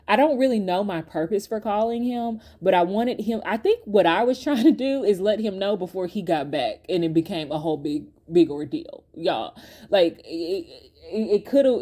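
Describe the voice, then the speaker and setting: A woman hosts her own podcast and tells a personal story straight to her listeners. She talks in a chatty, animated way and laughs often. Her voice is mellow and warm, pitched in a middle range. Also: normal speed. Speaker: podcast host. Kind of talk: casual storytime to viewers.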